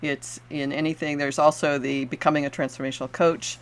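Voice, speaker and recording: An older woman, a coach and podcast host, giving a solo talk to the audience in an earnest, animated way, with affirming asides and frequent restarts. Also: low-pitched, brisk.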